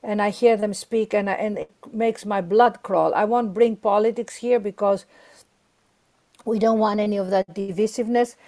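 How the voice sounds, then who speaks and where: A woman's voice: mid-range voice, fairly even intonation, normal speed, mellow. A middle-aged woman, a guest author, talking earnestly about prayer in an interview and acting out the inner voices she describes. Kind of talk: warm spiritual interview talk.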